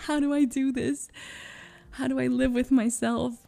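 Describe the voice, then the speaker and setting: A woman streamer making an emotional confession to her audience. She talks haltingly, restarting phrases and filling gaps with nervous little laughs. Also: high-pitched, level tone, vocal fry, warm tone. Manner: halting and searching, with many restarts and fillers.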